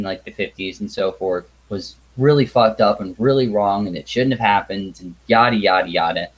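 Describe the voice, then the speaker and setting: A man's voice: fairly low pitch, poor audio. A man talks straight to the camera in an exasperated, blunt rant. He sighs often, swears freely and trips over restarts as he repeats himself. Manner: halting restarts and repetition. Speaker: video reviewer. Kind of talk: ranting review monologue.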